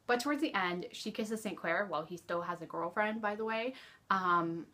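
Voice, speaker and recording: A woman's voice: mid-range voice, normal speed, sharp tone. A woman chatting casually about a book at home, rambling with lots of fillers and laughs. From Canada. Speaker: book vlogger. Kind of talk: casual book discussion to camera.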